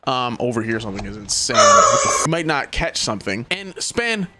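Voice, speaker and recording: A man's voice: mid-range voice, sing-song, a little fast, very noisy. A young man giving a casual music production tutorial, talking in loose slang, swearing freely and laughing at himself. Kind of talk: casual beat-making tutorial. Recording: faint beat playing behind.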